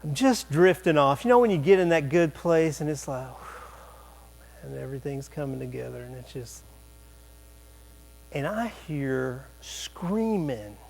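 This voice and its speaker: High-voiced pastor telling a funny story. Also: male voice, gravelly. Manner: animated, humorous storytelling with quick asides. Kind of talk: sermon storytelling. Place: church sanctuary.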